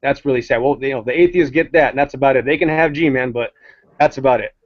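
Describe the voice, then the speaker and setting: A man's voice: mid-range voice, fast talker, no echo. A man co-hosting a casual talk show, ranting in a blunt and heated way. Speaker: co-host. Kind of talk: casual opinionated chat. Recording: dull lo-fi sound.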